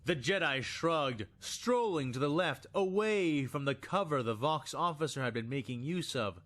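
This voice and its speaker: A man narrating a fan-made sci-fi story in a dramatic, expressive storytelling manner. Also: fairly high pitch, moderate pace. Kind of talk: scripted narration of fan fiction.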